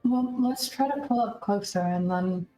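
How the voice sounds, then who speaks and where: A woman's voice: medium pitch, normal speed, dark tone, soft background music, rough recording. A woman playing a tabletop game, asking direct, practical questions. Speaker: player. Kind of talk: casual tabletop play.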